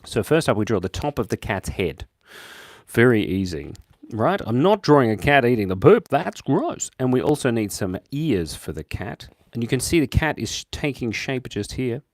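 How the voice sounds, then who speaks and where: Casting note: young Australian man hosting a drawing livestream, goofy, very lively pitch, dry close sound. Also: moderate pace, dry recording. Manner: playful, jumps between high excited bursts and quiet mumbles. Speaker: livestream host drawing for chat. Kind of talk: casual live-stream chat while drawing.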